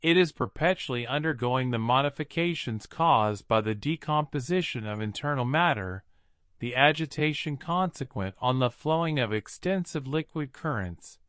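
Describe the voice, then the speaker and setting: A man reading a classic adventure novel aloud in a measured, dramatic narration. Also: mid-range voice, a bit bright, no echo, clean studio sound. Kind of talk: audiobook narration.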